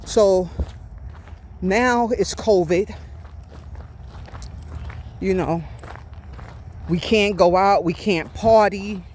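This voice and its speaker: A woman in her fifties talks at an unhurried, drawn-out pace as she walks outdoors, slightly out of breath. She confides in her listeners and keeps checking in with them. Faint street sounds sit behind her voice. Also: mid-range voice, darkish tone, a little hiss or hum. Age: 50s. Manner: confiding, with frequent "right?" check-ins. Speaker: vlogger. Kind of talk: casual storytelling while walking. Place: outdoors on a walk.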